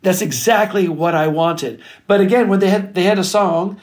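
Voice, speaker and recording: A middle-aged record producer telling stories in an interview, animated and casual, swearing freely. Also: male voice, high-pitched, normal speed. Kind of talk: storytelling interview chat.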